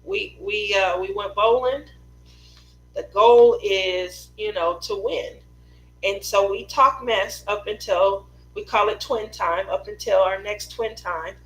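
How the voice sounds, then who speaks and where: A woman's voice: mid-range voice, slow, a bit bright, poor audio. A woman who hosts a craft live stream, telling family stories in a chatty way and laughing often. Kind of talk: casual storytelling chat.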